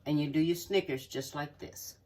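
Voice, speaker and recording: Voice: mid-range voice, takes it slowly, a bit bright. A home cook walking viewers through a recipe in a folksy, chatty way, checking in often with the audience, in a home kitchen. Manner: folksy, chatty step-by-step instructions with frequent "okay?" check-ins. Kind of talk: cooking demonstration. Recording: voice distant from the mic.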